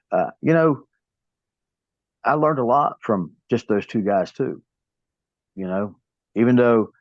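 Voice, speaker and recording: Low-voiced man with a Southern drawl. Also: no room sound. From American South. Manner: rambling storytelling with many restarts. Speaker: guest, pro wrestler. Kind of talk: casual interview talk. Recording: dull lo-fi, dry sound.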